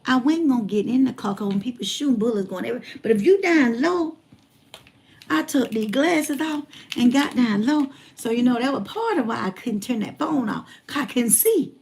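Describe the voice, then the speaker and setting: A woman in her forties with a somewhat high voice tells a personal story with comic flair. She speaks colloquially and keeps repeating phrases to hammer her point home. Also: moderate pace, slight background noise. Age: 40s. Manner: animated, repeats herself for emphasis, colloquial. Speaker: motivational speaker.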